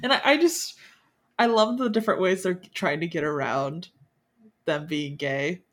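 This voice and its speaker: Relaxed woman guest in casual chat. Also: fairly low pitch, moderate pace. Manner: relaxed, agreeable, lots of backchannel. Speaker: podcast guest.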